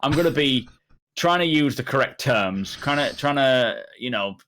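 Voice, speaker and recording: A man's voice: medium pitch, expressive, moderate pace, a bit bright, a little hiss or hum. A man co-hosting a podcast, telling stories in a rambling, self-deprecating way during casual chat.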